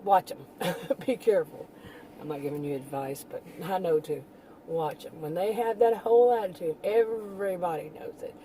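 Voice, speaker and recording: Mellow-voiced woman rambling on camera. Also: deep voice, moderate pace, slight background noise, low-quality recording. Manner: rambling, with frequent laughs and restarts. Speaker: channel host. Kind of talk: casual opinion monologue.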